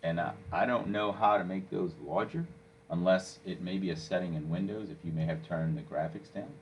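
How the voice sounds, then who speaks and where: A man walking a listener through software step by step, coaching and checking in with "okay?" as he goes. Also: low-pitched, fairly quick, muffled recording, a little hiss or hum. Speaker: software instructor. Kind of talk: screen-recorded software tutorial.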